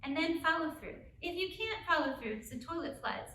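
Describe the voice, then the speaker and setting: A middle-aged woman giving a live parenting talk to an audience, energetic, often checking in with "right?". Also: sits high, a little fast, slight background noise. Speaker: parenting speaker. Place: school auditorium. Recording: echoey room, mic from a distance.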